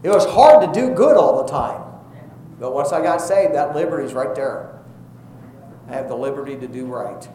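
A man's voice: a little high, moderate pace, mellow, slight background noise. Folksy preacher man in an echoey room. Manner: folksy storytelling, rising to fervent preaching. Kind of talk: sermon with personal story.

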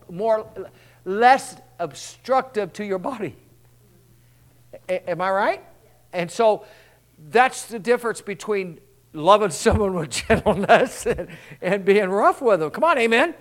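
High-voiced man preaching a folksy sermon. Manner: rambling, folksy, call-and-response asides. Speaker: pastor.

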